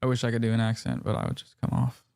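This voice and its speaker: Fast-talking male co-streamer, dry sound. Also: medium pitch, very animated, creaky, a little mellow, smooth, no room sound. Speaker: co-streamer in a played clip.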